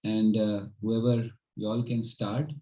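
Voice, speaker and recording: A man's voice: fairly low pitch, little pitch movement, unhurried, darkish tone, highs cut off. A man leading a home gathering, giving an informal devotional talk with stories in an earnest manner and often checking in with his listeners.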